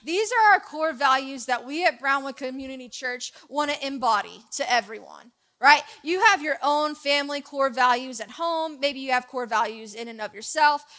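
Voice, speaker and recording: A woman's voice: sits high, moderate pace, few pauses, bright, forceful tone. A young adult woman preaching a casual, joking sermon to her church, telling stories and talking to the crowd. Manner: chatty, jokey storyteller.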